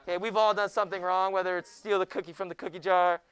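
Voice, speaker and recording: A young man teaching a junior high Bible class in a classroom, joking with the students and often hushing them. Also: level tone, fast talker, smooth. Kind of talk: classroom lecture.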